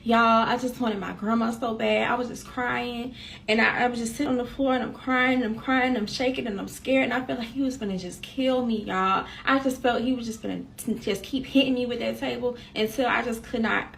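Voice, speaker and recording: Gravelly-voiced woman telling her story. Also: fairly high pitch, steady tone, a little fast, fairly bright tone, slight background noise. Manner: candid, slangy, talks straight to viewers. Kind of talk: casual personal storytime.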